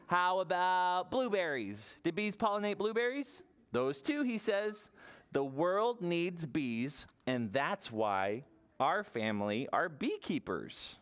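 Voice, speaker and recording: A children's librarian reading a picture book aloud to preschoolers, asking the kids questions along the way. The voice swings widely in pitch and moves at an unhurried pace. The tone is smooth and clear. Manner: animated and expressive, asks the children questions.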